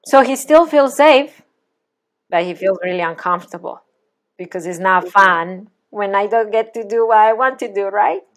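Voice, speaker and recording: A woman parenting coach leading a one-on-one session in a gentle, guiding, reassuring manner. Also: mid-range voice, normal speed.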